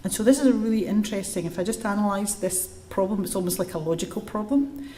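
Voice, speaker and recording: A woman with a mid-range voice speaks fast as she gives a public lecture to a live audience and handles questions. She tells lively stories and explains step by step, recorded in an echoey space.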